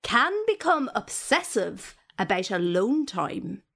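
Lively woman podcast host reading notes. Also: medium pitch, takes it slowly, vocal fry. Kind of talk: comedy podcast chat, reading notes aloud.

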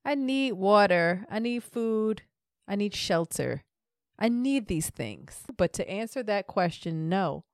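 A woman's voice: medium pitch, expressive, slow pace, dry recording, studio quality. A woman co-hosting a podcast in casual chat, thinking aloud and working through her opinions. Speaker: podcast co-host.

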